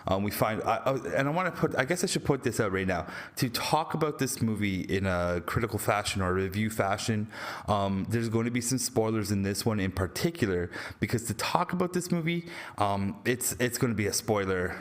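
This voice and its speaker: A young Canadian man talking casually through a movie review with spoilers, rambling and excitable, swearing freely and laughing often. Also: on the low side, a little fast.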